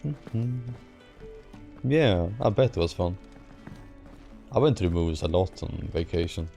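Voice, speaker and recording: A man's voice: low-pitched, expressive, measured pace, creaky, mellow. A man streaming a game, chatting casually, swearing and mocking the game's dialogue. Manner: sarcastic, swearing, hums and mocks the dialogue. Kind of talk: casual let's-play commentary. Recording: game music faint behind.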